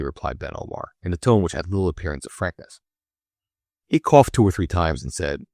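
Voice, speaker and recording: A man narrating a classic adventure novel as an audiobook, in a measured, deliberate storytelling manner. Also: deep voice, animated, gravelly, darkish tone, no echo, studio quality.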